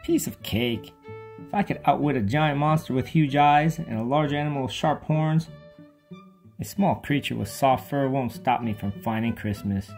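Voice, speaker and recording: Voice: mid-range voice, normal speed, darkish tone, faint music behind, natural voice. A narrator doing Clara, a small bluffing duck. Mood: boastful. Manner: bluffing, bold threats. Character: small brave boastful duck girl. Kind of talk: children's storybook read-aloud.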